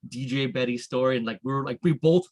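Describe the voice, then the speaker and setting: Easygoing man in relaxed chat. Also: medium pitch, quick pace, no room sound. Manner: easygoing, affirming, humble. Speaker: podcast guest, event promoter. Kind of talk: casual chat.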